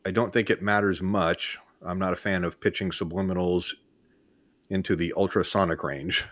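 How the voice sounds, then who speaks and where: A man's voice: low voice, fairly even intonation, moderate pace, fairly bright tone, no echo. A man co-hosting a live show, joking around and reading viewer comments aloud. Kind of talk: casual live show chat.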